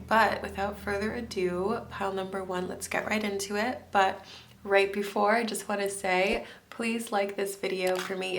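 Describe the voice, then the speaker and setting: A woman's voice: medium pitch, a little hiss or hum. Chatty tarot reader woman from France. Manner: chatty, musing, thinks aloud with fillers and restarts. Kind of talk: pick-a-card tarot reading.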